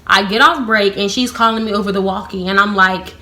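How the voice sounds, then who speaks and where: A young woman vlogs a storytime in a casual, unfiltered way, swearing freely and leaning on "like" between phrases. Her voice is bright and a little sharp. When she acts out her own comebacks, her sarcasm gets animated. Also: mid-range voice, fairly quick. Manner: blunt, profane, heavy use of "like" fillers. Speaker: vlogger.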